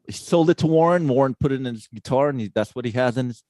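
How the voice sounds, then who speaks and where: A man hosting a casual chat, reacting briefly and telling his own story in a relaxed way. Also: mid-range voice, dry recording. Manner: relaxed, laid-back chatter with quick reactions. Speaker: podcast host.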